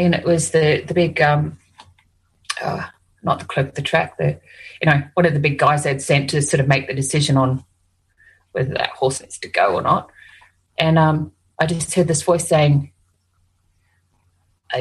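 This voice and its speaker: A woman's voice: deep voice, steady tone, moderate pace, breathy edge, poor audio. An Australian woman working as an animal communicator and hypnotist. She tells stories in casual conversation, rambling, restarting often and saying "you know" a lot.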